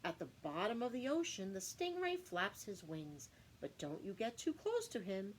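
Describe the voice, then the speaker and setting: Woman teacher, reading aloud to kids, singsong, very lively pitch. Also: moderate pace, slight background noise, low-quality recording. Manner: animated, singsong storytelling. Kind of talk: reading a picture book aloud to children.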